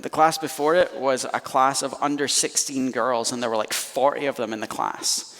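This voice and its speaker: A Scottish man preaching as a pastor, telling stories in an animated, self-deprecating way in a church auditorium. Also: mid-range voice, moderate pace. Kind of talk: storytelling sermon. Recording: reverberant church hall.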